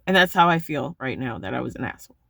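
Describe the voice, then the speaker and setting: A woman's voice: very deep voice, expressive, fast, gravelly, a bit bright, no echo, clean studio sound. A woman talking casually to camera in a vlog, rambling and self-critical, swearing freely. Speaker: vlogger.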